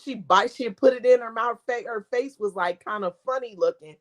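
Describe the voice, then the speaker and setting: A woman vlogger chatting casually, telling a story in an animated way, mimicking people and laughing often. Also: on the high side, brisk, few pauses. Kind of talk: casual chat.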